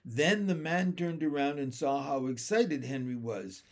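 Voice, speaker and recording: Slow, expressive male storybook reader. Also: fairly high pitch. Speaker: narrator. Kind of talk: children's storybook reading.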